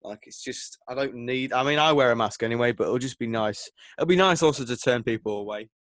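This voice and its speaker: A man's voice: mid-range voice, fairly quick, fairly bright tone, no echo. A young man, co-hosting a casual podcast chat, rambling and hesitant with lots of fillers. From England. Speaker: podcast co-host.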